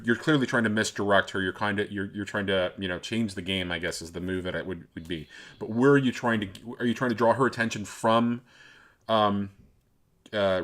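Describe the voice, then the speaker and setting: A man running a tabletop role-playing game as game master, narrating in a rambling, halting way. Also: on the low side, fairly bright tone.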